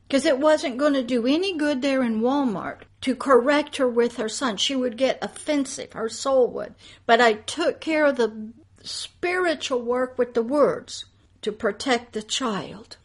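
A woman pastor preaches in a high voice. Her delivery is emphatic, with bold loud declarations that fall away into hushed asides. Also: measured pace. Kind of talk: preaching monologue.

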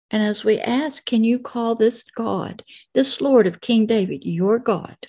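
A woman's voice: a little high, mellow, slightly rough. A woman in her late sixties, a pastor, reading scripture verses and explaining them in an earnest sermon for children. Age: 60s. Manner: slow, earnest, reads verses then explains.

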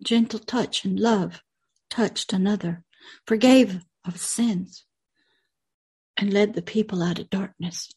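A woman's voice: mid-range voice, slow pace, pauses often, darkish tone, husky. A woman hosting a religious video channel, retelling a film in an earnest, unscripted way with emphatic repetitions.

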